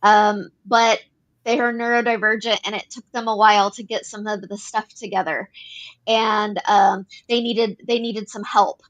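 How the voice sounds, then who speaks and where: A woman's voice: mid-range voice, flat delivery, normal speed, fairly bright tone, muffled recording. A woman co-hosting an advocacy talk show, explaining policy earnestly and repeating phrases as she works through points. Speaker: podcast co-host. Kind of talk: advocacy discussion.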